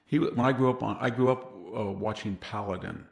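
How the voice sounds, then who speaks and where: A man's voice: medium pitch, fairly even intonation, a little fast, creaky, hardly any pauses. A man from California, a guest historian in a casual interview, who tells long anecdotal stories and laughs at his own jokes. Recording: roomy echoey sound.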